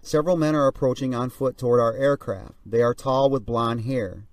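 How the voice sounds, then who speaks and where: A man reads a pilot's diary aloud in a steady, measured first-person voice. His mid-range voice sits a little back from the microphone. The room around it is dry and dead. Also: medium pitch, no room sound, distant mic. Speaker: narrator. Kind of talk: reading a flight diary aloud.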